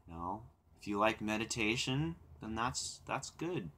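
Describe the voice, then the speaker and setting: A man's voice: fairly low pitch, measured pace. A young man hosting a live stream, chatting casually with viewers in a rambling way, with repeated words and laughter. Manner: reflective and calm when talking about silence. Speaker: livestream host.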